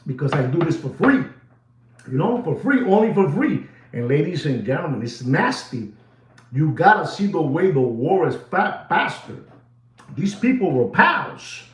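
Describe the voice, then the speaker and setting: A man's voice: on the high side, sing-song, a little slow. Fired-up man ranting from afar. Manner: heated, switching between English and Spanish slang. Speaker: watch show host. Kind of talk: ranting commentary. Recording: roomy, distant, dull sound.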